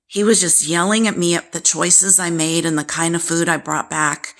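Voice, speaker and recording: A woman's voice: lowish voice, steady tone, normal speed, vocal fry, hardly any pauses. A woman hosting a personal vlog, telling a painful family story in a candid, exasperated way and now and then speaking straight to the father she talks about. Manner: candid, exasperated, directly addresses her absent father. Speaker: vlog host. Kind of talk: casual personal storytelling to camera.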